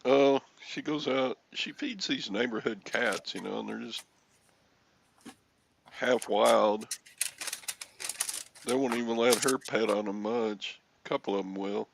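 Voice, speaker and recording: An older man hosting a casual chat, his voice crackly and gravelly from a frog in his throat, rambling and clearing his throat often. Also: medium pitch, a little slow, long pauses. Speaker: host.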